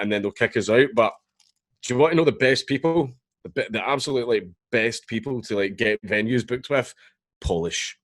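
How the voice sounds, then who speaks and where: A Scottish man in his thirties telling stories as a guest in a casual podcast chat, swearing freely. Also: lowish voice. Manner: swearing, storytelling, laughs often.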